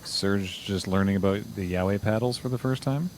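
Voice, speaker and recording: Low-voiced joking man on a stream. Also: a little hiss or hum. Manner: joking storyteller, quick to laugh. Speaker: stream co-host. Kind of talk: casual gaming stream chat.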